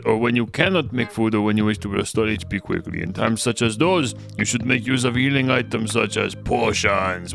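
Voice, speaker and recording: A man's voice: mid-range voice, vocal fry, lightly acted. A man voicing a formal male teacher who lectures a class during a game playthrough.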